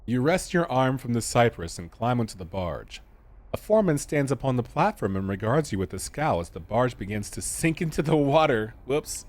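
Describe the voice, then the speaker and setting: A man streaming a game, reading its narration aloud slowly and deliberately and breaking off for casual, jokey asides to his chat. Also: mid-range voice, very animated, a little mellow, no echo. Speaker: gaming streamer.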